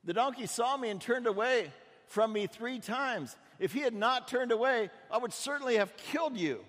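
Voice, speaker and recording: Man doing a stern angel with a sword, raised pitch, solemn rebuke, long hall reverb. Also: expressive, normal speed, a bit bright.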